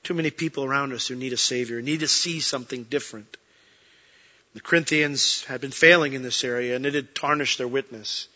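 A man preaching a sermon as a pastor, earnest, swinging between emphatic peaks and soft, quiet moments. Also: mid-range voice, fairly even intonation, brisk, dull audio.

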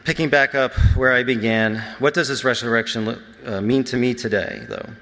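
A man's voice: medium pitch, fairly quick, pushed and bright. A man giving an earnest, reflective personal testimony as a church speaker. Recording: long reverb in a big hall.

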